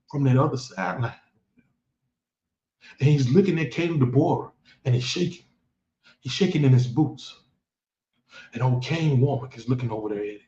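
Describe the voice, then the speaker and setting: Here a mid-range, mellow male voice trash-talks about football as a fan vlogger, boasting and taunting. The recording is lo-fi and dull, with the echo of a reverberant room.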